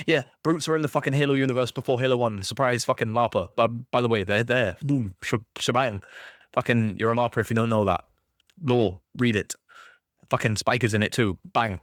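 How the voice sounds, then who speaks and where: A man's voice: medium pitch, fairly quick, dry recording, studio quality. A man ranting about a video game series he loves, swearing constantly in an exasperated, passionate way. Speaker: gaming YouTuber.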